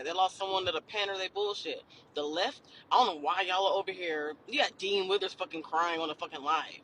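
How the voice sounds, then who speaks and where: A man's voice: high-pitched, fairly quick, bright, forceful tone, slight background noise, poor audio. A man ranting in an exasperated, profane way in a vlog. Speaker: social media commentator.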